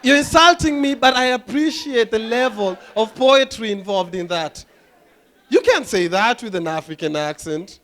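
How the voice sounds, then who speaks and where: A young comedian with a high voice works through a stand-up set. His delivery is animated, and he keeps slipping into silly voices and impressions between punchlines. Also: moderate pace. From Kenya. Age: young adult. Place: comedy club stage.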